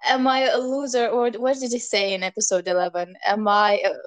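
A woman co-hosting a podcast in casual chat, emotional and quick to exclaim, quoting scenes she watched. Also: medium pitch, level tone. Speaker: podcast co-host.

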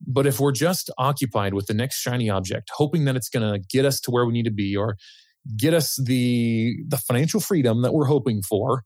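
A man's voice: mid-range voice, fairly quick, a little mellow, no echo. Thoughtful male guest, dry sound. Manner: thoughtful, searching for words. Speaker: guest, financial planner. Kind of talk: casual interview chat.

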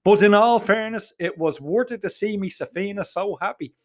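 A man's voice: high voice, normal speed. A middle-aged man with a Dublin Irish accent telling a crude comic story in the first person, swearing freely. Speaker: narrator.

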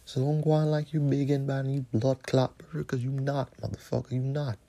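A man's voice: mid-range voice, flat delivery, fairly quick, mellow. A man hosting a podcast, ranting alone with heavy profanity and slang. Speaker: podcast host. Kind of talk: solo podcast rant.

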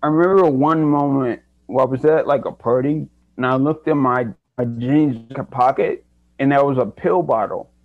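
A man's voice: mid-range voice, normal speed, no room sound. A young man, a guest in an interview, telling his own story in an earnest, reflective way and often restarting his sentences. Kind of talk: candid personal story. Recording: dry, dull lo-fi sound.

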